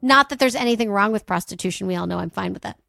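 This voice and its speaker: Gravelly-voiced woman podcast co-host. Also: mid-range voice, quick pace, no echo. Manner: animated storyteller, reads notes with wry asides. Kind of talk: casual history podcast chat.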